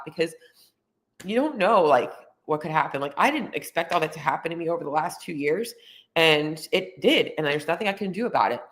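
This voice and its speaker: A woman's voice: low voice, expressive, fairly quick. A woman hosting a podcast, talking casually and candidly about her own experience. She uses many fillers and gets openly emotional. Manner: chatty, lots of "like" and "um" fillers. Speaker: podcast host. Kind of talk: casual personal monologue.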